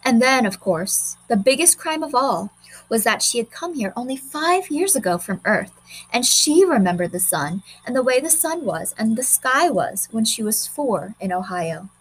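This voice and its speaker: A woman reading a short story aloud in a measured, expressive way. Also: on the high side, breathy edge, low-quality recording. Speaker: narrator.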